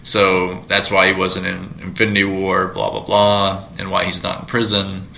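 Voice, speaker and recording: A man's voice: deep voice, completely flat delivery, moderate pace, creaky, bright, forceful tone, slight background noise, rough recording. A man co-hosting a casual podcast, chatting about movies in a rambling way with many fillers and restarts. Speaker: podcast co-host. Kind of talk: casual chat.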